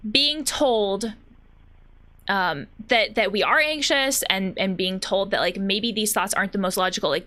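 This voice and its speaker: A woman's voice: medium pitch, bright, forceful tone. A woman therapist chatting casually about anxiety while playing a video game, thoughtful and chatty, with many fillers and restarts. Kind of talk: casual commentary while gaming.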